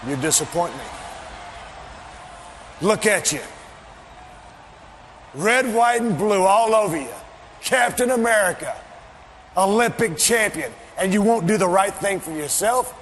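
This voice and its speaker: A man cutting a wrestling promo, taunting and mocking, often shouting. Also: high voice, animated, measured pace, long pauses. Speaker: pro wrestler. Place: arena. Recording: echoey arena audio with faint background noise.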